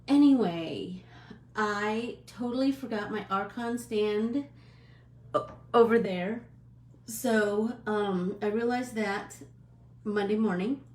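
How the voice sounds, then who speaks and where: A middle-aged woman hosting a casual live stream, chatting in a friendly, rambling way with many fillers and quick apologies. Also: mid-range voice, darkish tone, reverberant.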